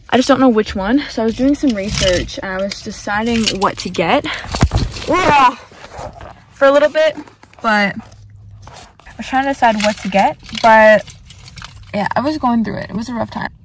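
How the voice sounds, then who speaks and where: A woman's voice: fairly high pitch, a little hiss or hum. A young woman vlogging from her parked car, chatting casually in a rambling, self-deprecating way with lots of fillers. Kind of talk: casual vlog chat.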